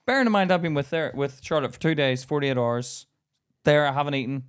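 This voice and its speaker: British male podcast co-host, slightly high voice, animated casual storyteller. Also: brisk, clean tone. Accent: British English. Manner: animated, mimics others in a sing-song voice.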